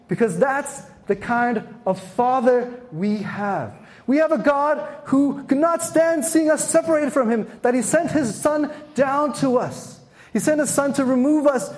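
A man leading a faith workshop for parents, telling a story with dramatic swells and quiet hushes. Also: high-pitched. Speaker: workshop speaker.

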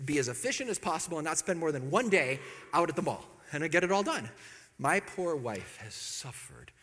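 A man's voice: on the high side, fairly bright tone, long reverb tail. A man giving a talk and telling a self-mocking story about his marriage, laughing at his own jokes.

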